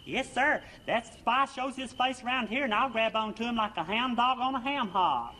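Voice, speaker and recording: An actor playing a naive, good-natured country soldier, folksy and earnest, in a 1960s TV comedy sketch. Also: male voice, extremely high pitch, moderate pace, background noise.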